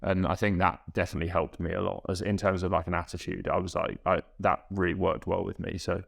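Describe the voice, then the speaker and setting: Low, gravelly man. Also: little pitch movement. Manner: reflective, halting, self-correcting. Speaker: guest, Olympic rower. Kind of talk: casual podcast interview.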